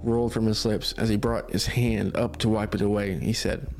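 A man's voice: fairly low pitch, little pitch movement, moderate pace, darkish tone, soft background music. A man casually narrating a spooky story on a podcast, laid-back with swearing asides.

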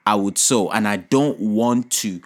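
A man hosting a podcast, giving lively, preachy business advice and speaking straight to his listeners. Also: fairly low pitch, unhurried. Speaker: podcast host. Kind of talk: motivational business talk.

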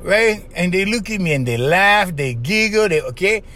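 A man hosting a podcast, giving casual advice in an animated monologue, laughing often and acting out little voices. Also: high voice, normal speed. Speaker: podcast host.

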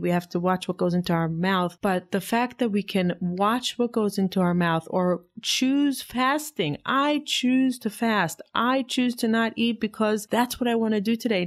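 A woman's voice: mid-range voice, vocal fry. A woman giving an earnest, self-reflective personal monologue. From Israel. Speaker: vlogger.

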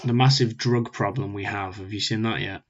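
A man's voice: lowish voice, fairly even intonation, a little fast, slight background noise. A man co-hosting a podcast over a call, bantering with sarcastic teasing. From Wales. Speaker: podcast co-host. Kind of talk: casual chat. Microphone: remote call mic. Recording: dull lo-fi call audio.

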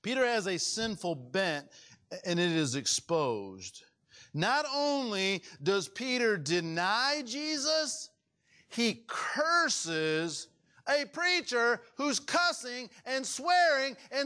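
A man preaching a sermon as pastor, swinging dramatically between loud high outbursts and hushed low passages, acting out quoted voices. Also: very animated, takes it slowly.

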